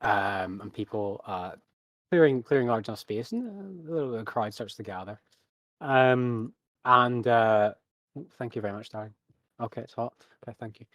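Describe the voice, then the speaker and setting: A man narrating a tabletop game as game master, feeling his way through the scene with plenty of ums, likes and repeated words. His voice sits at an ordinary middle pitch. The sound is dry and close, with no room echo. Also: normal speed, fairly bright tone. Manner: hesitant, full of ums and restarts.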